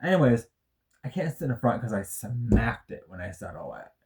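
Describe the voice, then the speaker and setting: A man's voice: mid-range voice, sing-song, normal speed, a little mellow. Rambling man in his thirties venting. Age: 30s. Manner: rambling, self-correcting, swears often. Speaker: vlogger. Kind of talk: personal vlog, emotional storytelling.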